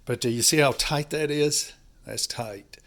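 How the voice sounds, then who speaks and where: A man's voice: a little high, a little slow, fairly bright tone. A man with a stuffy, congested nose, talking casually to viewers in a folksy, rambling way while working on a house. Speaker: home-building vlogger. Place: house under construction, indoors.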